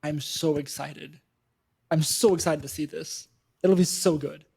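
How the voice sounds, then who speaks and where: A man's voice: a little high, fairly even intonation, a little slow, gravelly, a crowd in the background. A man hosting a casual gaming podcast, chatting in an upbeat, self-deprecating way. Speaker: podcast host.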